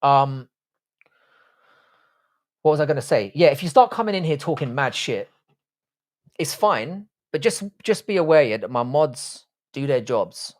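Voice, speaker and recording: Speaking a little slowly with long pauses, this English livestream host in his forties has an expressive, mid-range voice. He welcomes viewers by name and reads their chat aloud, swapping crude, sweary, blunt jokes in a casual stream.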